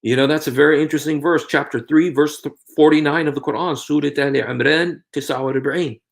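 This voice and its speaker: His voice is fairly high and gravelly, quick, and fairly even in intonation. In his evangelistic vlog, this Christian preacher and host pleads with viewers and keeps repeating his phrases as he preaches earnestly.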